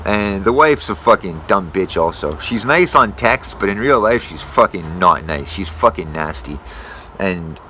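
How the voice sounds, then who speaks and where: A man's voice: low-pitched, lively intonation, unhurried, sharp tone, slight background noise. A young man, a tree climber, ranting casually and rambling while swearing constantly. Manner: rambling, self-correcting. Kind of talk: casual rant to camera.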